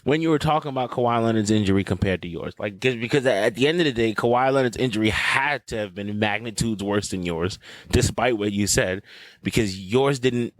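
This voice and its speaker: A man's voice: on the low side, a little fast, no room sound, poor audio. A man hosting a podcast, ranting bluntly and profanely in casual sports talk. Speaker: podcast host.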